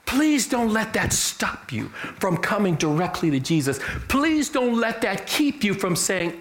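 Preacher guy with a fairly high voice, swings up and down a lot, echoey church room, keeps going "amen?". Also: big pitch swings, unhurried, a little hiss or hum. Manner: emphatic preacher, repeats phrases, asks the congregation to respond; acts out quoted dialogue in a lower voice. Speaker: pastor. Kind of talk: sermon. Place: church sanctuary. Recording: roomy church echo.

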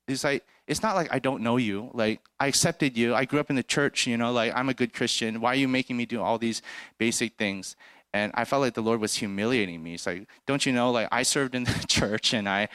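A man's voice: on the low side, fairly bright tone, clear, resonant tone, dry recording. A young man earnestly telling his personal faith testimony in a conversational, storytelling way. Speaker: testimony speaker.

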